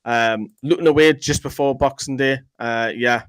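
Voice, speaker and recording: A man's voice: mid-range voice, fairly bright tone, clear, resonant tone, no echo, rough recording. A man co-hosting a fan channel, reading viewer comments in rambling casual chat. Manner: chatty, rambling, quick to joke.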